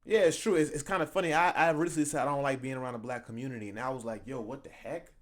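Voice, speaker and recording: A man's voice: mid-range voice, steady tone, rapid-fire, a little hiss or hum. A young man hosting his channel, reacting in casual commentary, conversational and laughing often as he makes his points. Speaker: channel host reacting to a video.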